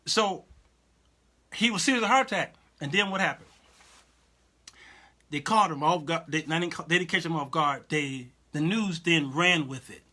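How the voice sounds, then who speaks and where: A man's voice: on the high side, normal speed, long pauses. A man hosting a Christian talk show, commenting casually, often repeating himself and checking that listeners follow him. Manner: animated, repetitive, asks listeners "you understand what I'm saying?"; reads and answers viewer comments aloud.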